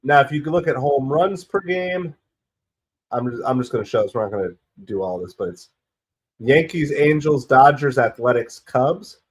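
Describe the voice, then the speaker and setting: At a moderate pace, a man hosts an easygoing live stream, his voice hoarse and stuffy from a cold. He gives casual play-by-play, rambling from stats to plays and getting excited whenever a pitch is close.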